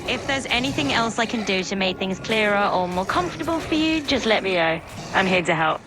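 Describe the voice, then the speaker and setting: A woman's voice: mid-range voice, expressive, a little fast, loud music behind the voice. A text-to-speech woman's voice as an AI assistant, cheerful and agreeable, sometimes slurring its words. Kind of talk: upbeat chatbot replies.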